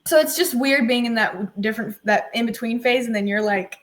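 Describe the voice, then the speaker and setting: A woman's voice: a little high, a little fast. A woman hosting a podcast, talking casually and reflectively with many "like" fillers. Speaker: podcast host. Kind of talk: casual conversational chat.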